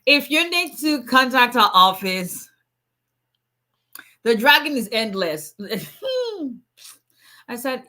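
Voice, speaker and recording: Bright-voiced woman chatting live. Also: sits high, very animated, takes it slowly, long pauses. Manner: chatty and playful, laughs often, greets viewers by name. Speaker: immigration attorney. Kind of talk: casual livestream chat with viewers.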